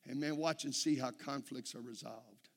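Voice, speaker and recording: A man's voice: mid-range voice, normal speed, in a large hall. A man preaching a sermon in a church, telling folksy stories and calling out "amen?" to the congregation. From Texas. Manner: folksy storytelling, frequent "amen?" calls to the congregation. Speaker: pastor.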